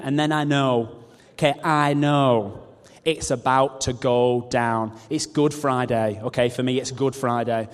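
Pastor preaching in a reverberant hall. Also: male voice, medium pitch, fairly even intonation, a little slow, clean tone. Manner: humorous, self-mocking asides. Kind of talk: sermon. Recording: long reverb of a large hall.

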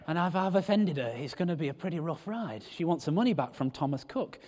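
A man's voice: a little high, fast, few pauses. A man preaching a sermon, telling stories and joking with the congregation. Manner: animated, joking storyteller. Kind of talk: sermon with storytelling. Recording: long hall reverb.

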